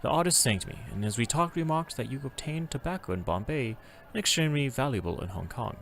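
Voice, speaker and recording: A man streaming a travel game, reading its text aloud and chatting casually, in an animated, self-correcting way. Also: medium pitch, a little fast, gravelly.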